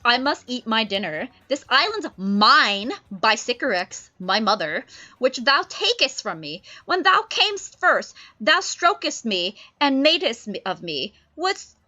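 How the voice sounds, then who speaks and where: A bitter male slave hurls curses in heated, raised verse, as a woman puts him on. The voice sits high and bright. It comes over a slightly dull lo-fi stream with faint music underneath. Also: full character voice.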